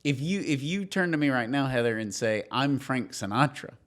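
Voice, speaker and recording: A man co-hosting a podcast in casual chat, joking and animated, sometimes trailing off. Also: mid-range voice, fairly quick, clean tone. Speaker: podcast co-host.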